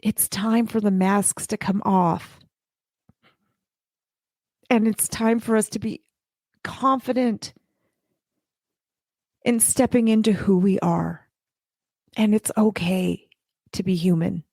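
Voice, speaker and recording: A woman's voice: medium pitch, fairly even intonation, slow pace, vocal fry, long pauses, darkish tone, no echo, studio quality. A woman in her forties hosting a heartfelt live-stream talk, earnest and emotional, repeating phrases for emphasis. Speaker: podcast host and child care business coach.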